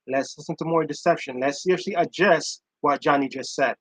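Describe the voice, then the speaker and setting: A man's voice: a little high, fairly quick, fairly bright tone, dry recording, rough recording. A man giving casual, emphatic commentary on a live stream, reacting to audio he plays and repeating his points. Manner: emphatic, chatty, repeats himself.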